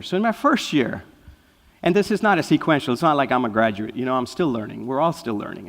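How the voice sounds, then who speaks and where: A man giving an inspirational talk as a guest speaker, telling lively stories and often checking in with "right?". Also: mid-range voice, gravelly. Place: spiritual center hall. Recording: long reverb of a large hall.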